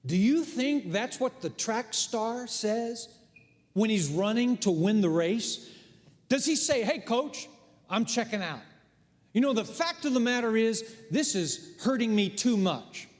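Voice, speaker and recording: Casting: middle-aged male pastor, high lively voice, dramatic storyteller, church reverb. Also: measured pace. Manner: animated storytelling, swings from hushed to loud. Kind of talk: sermon. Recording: long hall reverb.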